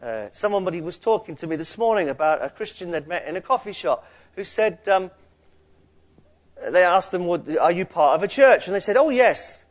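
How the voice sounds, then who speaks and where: A man's voice: high-pitched, lively intonation, normal speed. A man, a pastor preaching a conversational sermon that rises in emphasis on key points.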